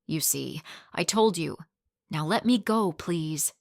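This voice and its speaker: A woman's voice: low voice, expressive, takes it slowly, gravelly, no echo, studio quality, heavily acted. A woman voicing a wary old homeless man.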